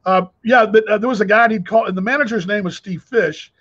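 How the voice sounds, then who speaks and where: A man's voice: high voice, fast talker, fairly bright tone, muffled recording. A man hosting a casual video call chat, telling rambling stories full of restarts. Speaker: host.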